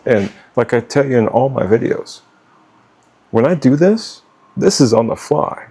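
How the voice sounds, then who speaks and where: A man's voice: medium pitch, expressive, a little slow, warm tone, breathy edge. A middle-aged man giving blunt, profane life advice off the cuff, stumbling and restarting as he talks. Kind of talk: unscripted talk to camera.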